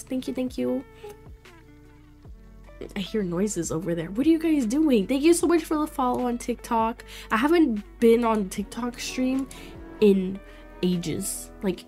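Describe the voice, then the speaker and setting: A young woman from Florida streaming a life sim game, chatting casually with her viewers, reacting loudly and laughing often. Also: fairly high pitch. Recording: faint music behind.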